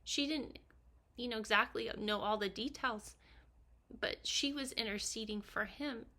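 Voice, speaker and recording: A middle-aged woman telling an emotional personal story in an earnest, halting way, sometimes dropping to a near whisper. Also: fairly high pitch, bright, forceful tone. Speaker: vlogger recounting her husband's death.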